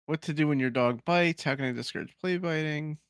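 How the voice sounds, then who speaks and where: A man's voice: a little high, fairly quick, clean tone, no echo, studio quality. A man hosting a casual gaming podcast, reading forum posts aloud with laughing asides. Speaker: podcast host.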